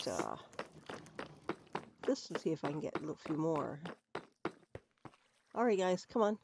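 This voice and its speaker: Rambling, giggly streamer with loud background noise. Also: medium pitch, creaky. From Canada. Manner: rambling, giggly, thinking aloud. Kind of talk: casual gameplay commentary.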